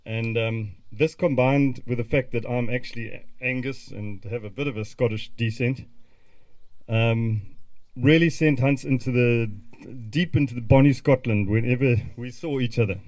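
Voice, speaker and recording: A middle-aged man speaks at an outdoor memorial gathering. His voice sits at an ordinary middle pitch. He reminisces fondly, with small chuckles and false starts. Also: moderate pace, dry recording, poor audio. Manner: warm reminiscing with chuckles and restarts. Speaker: eulogy speaker. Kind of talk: memorial speech. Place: outdoor gathering at a country club.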